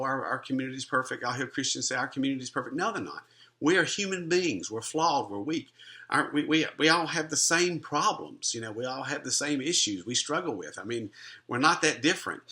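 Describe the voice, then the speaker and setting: A man's voice: mid-range voice, pushed and bright. A middle-aged man, a Christian minister and life coach, telling a personal testimony in an earnest, conversational way with frequent restarts.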